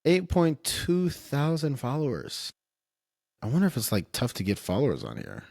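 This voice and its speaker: A man's voice: medium pitch, huge pitch swings, normal speed, creaky, darkish tone, no echo, studio quality. A man streaming casual commentary in a rambling, self-interrupting way, often trailing off and restarting.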